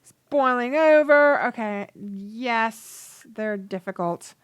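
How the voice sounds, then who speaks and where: A woman's voice: a little high, expressive, takes it slowly, clear, resonant tone, highs cut off. A woman hosting a casual let's play, chatting freely and swearing as she narrates the game. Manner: chatty, swears, laughs, voices characters. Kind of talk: casual gameplay commentary.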